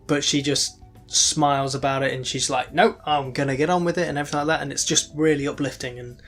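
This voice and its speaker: A man's voice: a little high, steady tone, quick pace, fairly bright tone, faint music behind. A man co-hosting a podcast, rambling casually with many ums and restarts. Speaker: podcast co-host. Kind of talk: casual chat.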